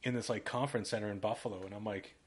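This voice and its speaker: A man's voice: on the low side, steady tone, racing. A man co-hosting a podcast in casual chat, a laid-back storyteller who fills his talk with "like". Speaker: podcast co-host, graphic designer.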